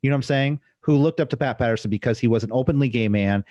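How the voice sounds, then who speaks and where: A man's voice: medium pitch, mellow, dry recording, muffled recording. A man co-hosting a wrestling podcast in casual, rambling chat full of fillers. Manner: rambling, halting, lots of fillers. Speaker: podcast co-host.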